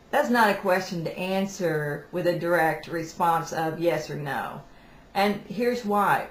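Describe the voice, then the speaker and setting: Low-voiced woman giving informal spiritual advice. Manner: conversational, informal, often restarts sentences. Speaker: host of weekly spiritual messages. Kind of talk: casual teaching talk to camera. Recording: echoey room, faint background noise.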